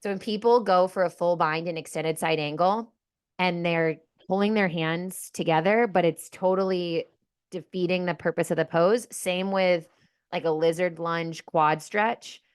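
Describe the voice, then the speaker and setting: Yoga teacher woman on a podcast, lowish voice, easygoing, lots of ums. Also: measured pace, smooth. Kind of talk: casual chat.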